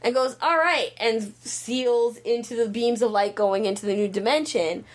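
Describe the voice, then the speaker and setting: A woman's voice: fairly high pitch, fairly even intonation, moderate pace, darkish tone. A woman chatting casually and rambling a plot summary, full of fillers. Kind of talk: casual chat.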